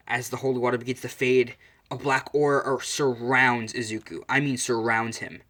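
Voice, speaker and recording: A man's voice: medium pitch, flat delivery, moderate pace, pushed and bright. A man telling an improvised fan-fiction story, rambling with fillers and self-corrections.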